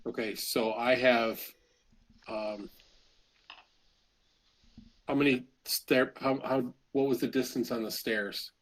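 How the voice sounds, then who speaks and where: A man's voice: medium pitch, steady tone, takes it slowly, pauses often, poor audio. A man playing in a tabletop game, hesitant and full of questions about the rules. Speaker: player. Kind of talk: casual tabletop game chat.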